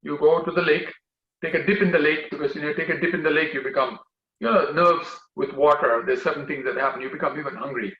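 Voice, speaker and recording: A man voicing a kind motherly woman giving gentle instructions to a guest. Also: a little high, fast, far from the mic, close to an everyday voice. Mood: kindly. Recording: roomy, dull recording.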